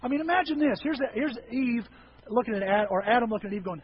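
A man delivers a humorous sermon in a folksy storytelling way, his voice pitched high for a man. The recording is a little dull, with a faint hiss behind him. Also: animated, fast talker. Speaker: preacher.

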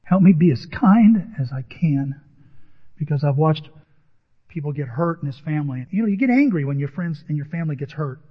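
A man's voice: on the high side, animated, normal speed, slightly rough. A middle-aged man preaching a sermon, telling a personal story in an earnest way with quoted dialogue. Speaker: pastor. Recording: dull audio with long hall reverb.

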